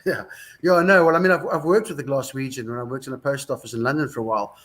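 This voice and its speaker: A man's voice: mid-range voice, very fast, a bit bright. A man in his sixties with a South African accent, a musician guest telling rambling, wry anecdotes in a casual interview. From Scotland, raised in South Africa.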